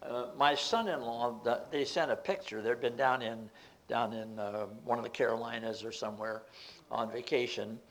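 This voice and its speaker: A man's voice: medium pitch, normal speed, low-quality recording. An older man giving an informal Bible study talk, explaining word meanings step by step in a meandering way.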